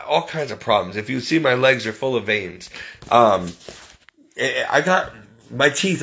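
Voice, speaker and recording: Gravelly man venting his troubles. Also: medium pitch, a bit bright. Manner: plain-spoken, exasperated, listing grievances. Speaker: vlogger. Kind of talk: casual personal venting to camera.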